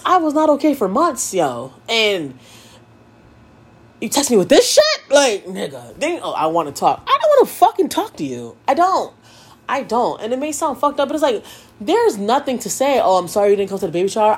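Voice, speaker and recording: Young woman podcast host, raw profane monologue, lively high voice, slightly husky. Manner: profane, emotional, repeats herself. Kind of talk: candid personal podcast monologue.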